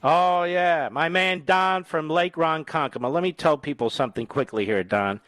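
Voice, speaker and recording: A man's voice: on the high side, moderate pace, soft background music. A man in his sixties hosting a talk radio show, chatting casually and telling stories with dry jokes. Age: 60s. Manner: wisecracking, lively storyteller. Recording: dry studio sound.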